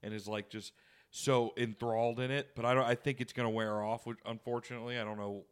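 A man's voice: medium pitch, flat delivery, smooth. A young man co-hosting a podcast, chatting casually with lots of swearing and rambling restarts. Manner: rambling, profane, quick to mimic others. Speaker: podcast co-host. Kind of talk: casual profane banter.

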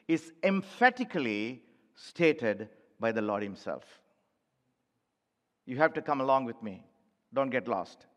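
A man's voice: a little high, a bit bright. A man preaching a sermon as pastor, emphatic and addressing the congregation directly as church. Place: church sanctuary. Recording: long hall reverb.

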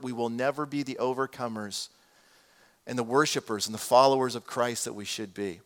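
A man, preaching a sermon to his congregation in an animated, conversational way with many asides. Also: medium pitch. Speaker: pastor.

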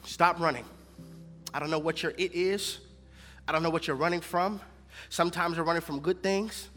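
A man preaching a sermon. He moves between hushed, whispered lows and loud, almost sung peaks. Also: steady tone, fairly quick, faint music behind. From Houston, Texas. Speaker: pastor. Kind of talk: sermon with prayer.

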